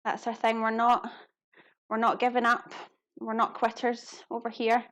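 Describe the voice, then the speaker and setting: A woman's voice: a little high, monotone, a little slow, fairly bright tone. A woman with a Glasgow-area Scottish accent, chatting casually while cooking and reading comments, laughing often at herself. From Scotland. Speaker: live cooking streamer.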